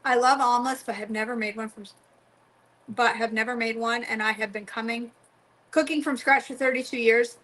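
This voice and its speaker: A woman's voice: a little high, fairly even intonation, moderate pace, fairly bright tone, poor audio. A middle-aged woman chatting casually while cooking in her home kitchen, teasing viewers by name. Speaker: cooking vlogger.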